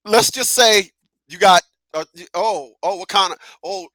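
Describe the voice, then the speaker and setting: A man hosting a live talk radio show who talks in an animated, profane way, laughs often and repeats himself. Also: high-pitched, a little slow, no echo.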